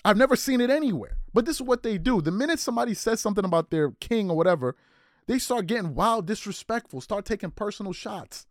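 Fired-up man ranting, high animated voice. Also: fast talker, no echo, studio quality. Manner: heated, incredulous, repetitive rhetorical questions. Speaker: sports commentary host. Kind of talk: animated sports rant.

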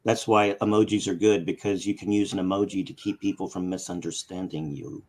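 A man's voice: sits low, fairly even intonation, fairly quick, a little mellow, poor audio. A man chatting as a guest on a live stream, talking in a rambling way and breaking off mid-sentence. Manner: rambling, self-interrupting. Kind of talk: casual live stream chat.

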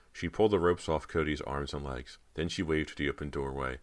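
A man reading a horror audiobook in steady, dramatic scripted narration. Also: extremely low pitch, brisk, hardly any pauses.

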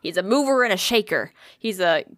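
A woman co-hosting a casual chat, telling a funny story in an animated, profane way with bursts of laughter. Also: medium pitch, fairly quick, dry recording, studio quality.

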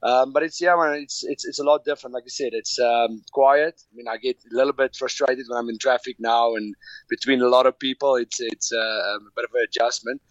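A man's voice: mid-range voice, a little fast, dry recording. Man on a dull remote line. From Namibia. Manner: relaxed, hesitant, many fillers and restarts. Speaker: former rugby player, guest. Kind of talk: casual interview chat. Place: hotel room.

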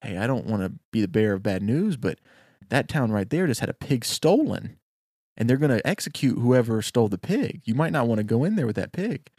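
A sly stranger, mock-concerned as he brings bad news, voiced by a man in a story. The voice drops low and sounds dry and close. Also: very animated, a little fast, a little mellow, dry recording.

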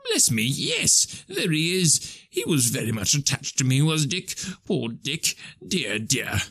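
A man voicing an old miser in an audiobook, speaking quietly and in a subdued way. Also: medium pitch, expressive, a little fast, breathy edge, no room sound, studio quality. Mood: excited. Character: old miser, shaken and nostalgic.

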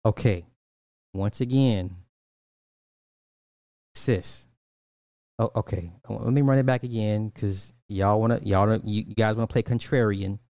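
A man's voice: fairly low pitch, fairly even intonation, unhurried, long pauses, mellow, dry recording. Guy going off on a rant, cussing, says stuff twice, dry close sound. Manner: blunt, profane, repeats lines for emphasis. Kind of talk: casual commentary rant.

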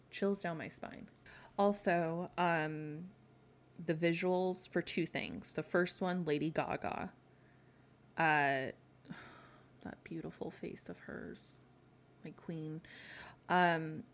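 A woman hosting a podcast, chatting in a gossipy, sassy way with frequent rants. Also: low voice. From not from the American South. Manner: gossipy, sassy, ranting with laughs. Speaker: podcast host. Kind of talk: casual chat.

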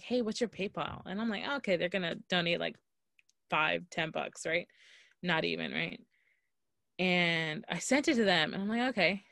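A woman's voice: on the low side, gravelly, a bit bright, no room sound, clean studio sound. A woman co-hosting a podcast, telling a story in casual chat and quoting herself and others with lots of "like". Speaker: podcast co-host.

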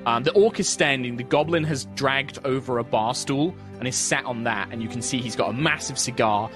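A man's voice: mid-range voice, a little fast, over music. A man narrating as the game master of a tabletop game, chatty and laughing often.

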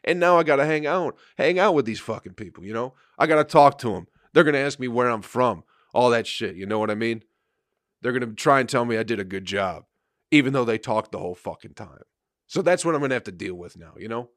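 A man's voice: mid-range voice, animated, brisk, fairly bright tone, no room sound, clean studio sound. A man, a comedian and podcast host, telling a rambling, profane story in casual chat with frequent laughter.

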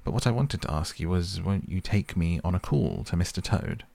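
A man's voice: low-pitched, animated, normal speed, creaky, dark tone, no room sound, heavily acted. A man voicing a small, earnest male mole who speaks cautiously and soothingly in a storybook reading. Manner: cautious, soothing, eager to please.

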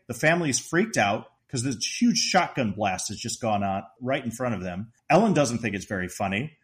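A man co-hosting a podcast, casually retelling movie scenes in an animated way, laughing often and quoting the characters in a raised voice. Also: medium pitch, moderate pace. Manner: laughs often while talking. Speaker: podcast co-host discussing a movie.

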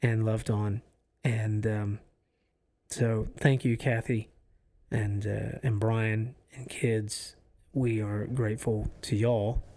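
Slow and a little mellow, this man's voice sits on the low side with little pitch movement. As co-host of a faith podcast, he chats casually from a recording office, sounding earnest and reflective while repeatedly halting and restarting what he says.

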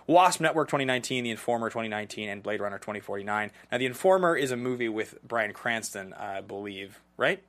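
Male podcast host, rapid and rambling, casual movie chat. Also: on the low side, lively intonation, a bit bright. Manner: fast, rambling, self-interrupting. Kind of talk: casual film discussion.

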